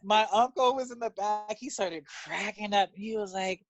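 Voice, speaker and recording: Guy from LA telling wild stories, swears a lot, laughs, gets loud and high when excited, dry close sound. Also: moderate pace, no echo. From Los Angeles, USA. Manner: animated, profane, laughs often, jumps up in pitch when excited. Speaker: interview guest. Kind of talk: candid storytelling in conversation.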